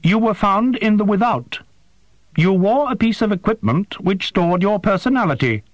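A man voicing a small, dark, winged female alien creature who speaks in a precise, formal, matter-of-fact way. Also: sits high, expressive, normal speed, no room sound, voice pushed up. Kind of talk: audiobook character voice.

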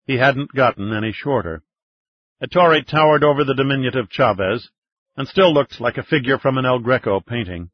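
A man narrates a thriller audiobook in a steady voice of middle pitch, husky in texture. The recording is dry and a little dull. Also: moderate pace, dry recording. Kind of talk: scripted narration.

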